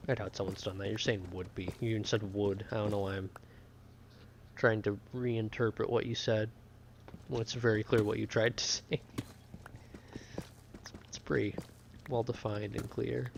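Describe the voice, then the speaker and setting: A man's voice: on the low side, flat delivery, normal speed, gravelly, long pauses, background noise. A young man streaming a game, chatting casually and rambling to his viewers in a self-deprecating way. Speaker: gaming streamer. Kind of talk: casual gameplay chat with chat. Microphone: desk microphone.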